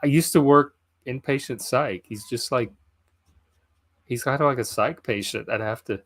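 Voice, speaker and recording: A man's voice: mid-range voice, moderate pace, fairly bright tone. A man hosting a casual podcast, talking bluntly and critically, often thinking aloud. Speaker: podcast host. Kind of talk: casual chat.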